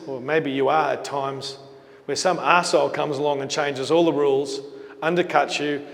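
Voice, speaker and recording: A middle-aged man with an Australian accent telling a business story to an audience as a keynote speaker, acting out the dialogue of the people in it. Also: mid-range voice. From Queensland, Australia. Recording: long hall reverb.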